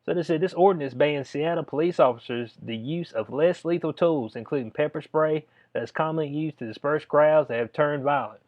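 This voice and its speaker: A man with a fairly high voice talks fairly quickly, with few pauses, as a video commentator. He reads a letter aloud and reacts in a casual, drawling, conversational way, calling the listener "bud." The recording sounds dull and lo-fi.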